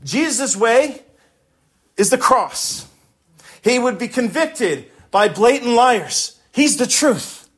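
A man's voice: very high-pitched, animated, slow pace. A man preaching a sermon, emphatic and impassioned, repeating words for stress and swelling when he quotes scripture. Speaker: pastor.

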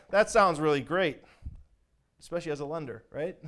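A male pastor preaching a sermon, lively and swinging between loud declarations and hushed, soft asides, with frequent chuckles. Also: fairly high pitch, moderate pace, pauses often.

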